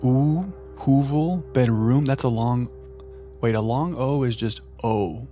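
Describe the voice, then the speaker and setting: A man streaming a puzzle game live, chatting playfully with viewers and thinking out loud. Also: mid-range voice, takes it slowly, faint music behind. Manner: playful, chatting to viewers while musing aloud. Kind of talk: live gameplay commentary.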